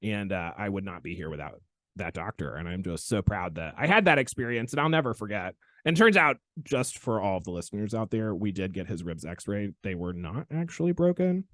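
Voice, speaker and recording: A man hosting a podcast as a chiropractor, telling a story in an animated, expressive way. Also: lowish voice, brisk, no room sound, studio quality. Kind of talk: casual storytelling chat.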